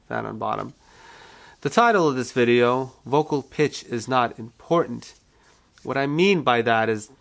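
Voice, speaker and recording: A male vocal coach giving a calm, reassuring singing lesson and walking beginners through vocal exercises. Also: mid-range voice, gravelly. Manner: calm, reassuring teaching with repeated phrases.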